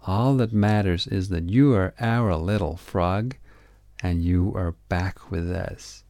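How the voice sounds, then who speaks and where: A man's voice: low-pitched, slow pace, mellow, dry recording. A man voicing a loving frog mother in a storybook, tender and soothing.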